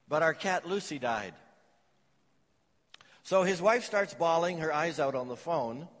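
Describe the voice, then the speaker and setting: A man's voice: fairly high pitch, a bit bright, in a large hall. A man preaching a sermon, telling stories and jokes to his congregation. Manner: storytelling with jokes and anecdotes. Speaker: pastor.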